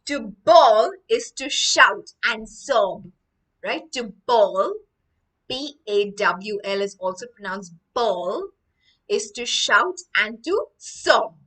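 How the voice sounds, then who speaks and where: Woman english teacher reading a story and explaining words, bright voice, a bit far from the mic. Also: on the high side, lively intonation, takes it slowly. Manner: explains each phrase after reading it. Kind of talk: storytelling vocabulary lesson.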